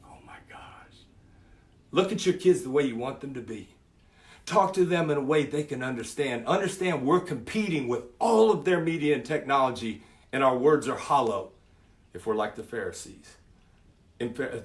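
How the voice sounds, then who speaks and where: A preacher in his fifties telling a vivid story in a sermon, dropping to a hush for effect. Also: mid-range voice, animated, moderate pace. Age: 50s. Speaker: preacher and youth speaker.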